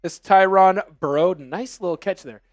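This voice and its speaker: A man co-hosting a live football watch stream, joking with chat and getting loud when his team scores. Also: high voice, normal speed, dry recording. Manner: energetic, jokey, shouts on scores. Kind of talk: excited live game commentary and chat. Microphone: headphones with mic.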